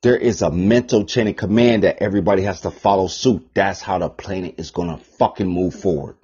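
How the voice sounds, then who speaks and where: A man hosting a podcast, ranting in a profane, rambling monologue, repeating himself and swinging between loud bursts and mutters. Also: low voice, fairly quick, slightly rough. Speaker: podcast host. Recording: dull lo-fi podcast recording.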